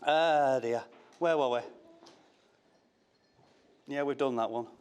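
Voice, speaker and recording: A man's voice: mid-range voice, slow, a little mellow, a little hiss or hum. A middle-aged man giving a father-of-the-bride speech from notes, teasing and breaking off with asides. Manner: jokey, teasing, self-interrupting. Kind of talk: wedding speech read from notes.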